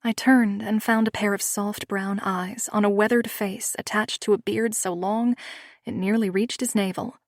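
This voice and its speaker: A female audiobook narrator reads a first-person romance script with a measured, expressive delivery. Her voice sits at a middle pitch, and the recording is dry and close with no room sound or echo.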